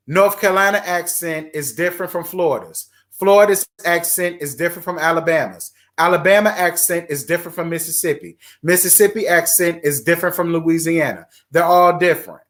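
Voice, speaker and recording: Animated man, raised pitch. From Virginia, USA. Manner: animated and chatty, talks with emphatic repetition. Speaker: host of a live chat stream. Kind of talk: casual livestream chat, reading viewer comments.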